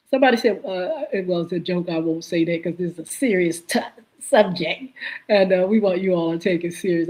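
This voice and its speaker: A woman hosting a live-stream podcast, greeting chat viewers by name and pausing often on filler sounds. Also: medium pitch, darkish tone. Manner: halting, many filler "uh"s. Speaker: podcast host.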